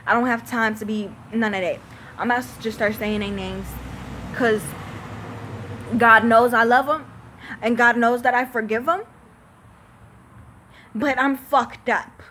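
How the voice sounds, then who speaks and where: Teen girl vlogger, unloading her grievances on camera, slow deliberate delivery, somewhat high voice, cursing emphatically. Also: fairly even intonation, bright, forceful tone, slight background noise. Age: teens. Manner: profane, emphatic, exasperated. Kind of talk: venting to camera.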